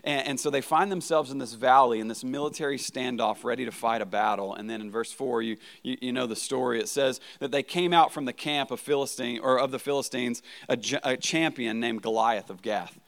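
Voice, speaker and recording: A man's voice: medium pitch, a little fast, hardly any pauses, fairly bright tone. A man preaching a sermon as a pastor, talking in a casual, conversational way, often checking in with "right?" and restarting words.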